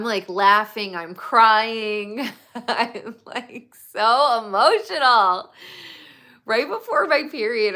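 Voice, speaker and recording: Bright-voiced woman rambling on a livestream. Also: medium pitch. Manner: rambling and opinionated, full of "like" fillers. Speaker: livestream host. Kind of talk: casual chat.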